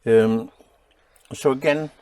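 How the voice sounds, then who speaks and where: A man's voice: medium pitch, slow pace, darkish tone, clear, resonant tone, no echo. A man teaching a spoken language lesson, patiently drilling and correcting his students.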